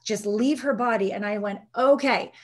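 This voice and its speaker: Guesting on a conversational interview, a woman who works as an intimacy coach tells lively stories and performs the quoted lines of the people involved. She has a mid-range voice and speaks fairly quickly.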